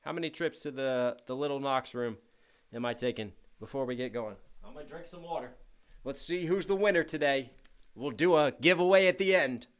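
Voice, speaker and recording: Here a young man on a casual livestream talks briskly in a mid-range voice. Donations and chat messages get read aloud with upbeat energy and excited shout-outs, even if he seems somewhat worn out.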